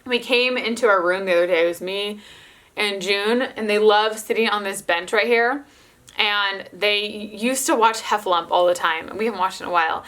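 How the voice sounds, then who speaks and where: A woman's voice: medium pitch, moderate pace, a bit bright. A young adult woman, a mother of toddlers, chatting casually to camera and filling her speech with "like". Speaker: mother of toddler twins, vlogger.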